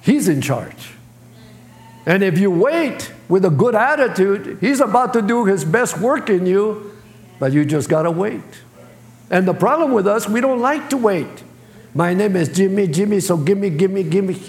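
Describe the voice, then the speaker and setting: In a church sanctuary with an echoey hall sound, a man preaches as pastor, his high voice very animated and a little slow. He speaks in plain, colloquial phrasing and acts out voices.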